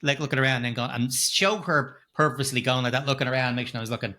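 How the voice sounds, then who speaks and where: A man's voice: mid-range voice, rapid-fire, sharp tone, slight background noise. A man co-hosting a casual film review podcast, swearing freely and mocking characters' lines. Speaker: podcast co-host.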